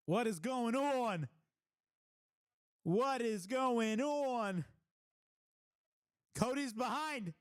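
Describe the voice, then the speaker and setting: An excitable man hosting a live reaction stream, his high voice leaping all over the place between unhurried stretches of talk. He swears casually and breaks into loud shouts when the action peaks. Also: clear, resonant tone. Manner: excitable, blurts exclamations and shouts at big moments.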